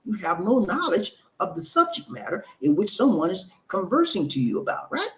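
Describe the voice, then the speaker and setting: Middle-aged male host, preachy, repetitive, lively rising pitch, slightly high voice. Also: moderate pace. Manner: preachy, repetitive, addresses viewers as friends. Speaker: host of a relationship channel. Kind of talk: live-streamed advice talk.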